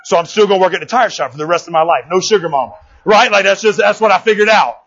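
A man's voice: sits high, fast talker, fairly bright tone, slightly rough, highs cut off. A man preaching a casual sermon in a church, talking in a folksy, joking way and often asking "right?". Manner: conversational, keeps asking "right?".

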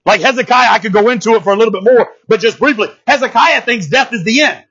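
A male pastor giving a lively, conversational sermon, speaking straight to his congregation and often checking in with them. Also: very high-pitched, quick pace, husky, lo-fi sound. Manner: animated, talks straight to the congregation, often asks "you know what I'm saying?".

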